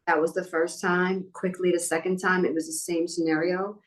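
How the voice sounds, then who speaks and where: This guest is a talent manager, a middle-aged woman from New York whose voice sits on the low side at a moderate pace. In a casual interview she shares personal anecdotes, animatedly acting out the characters.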